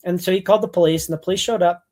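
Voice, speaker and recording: A man telling a story as a podcast guest, blunt and animated, acting out what people said. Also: high voice, rapid-fire. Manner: blunt and animated, acts out quoted voices. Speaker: podcast guest, mink hunter. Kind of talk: casual storytelling.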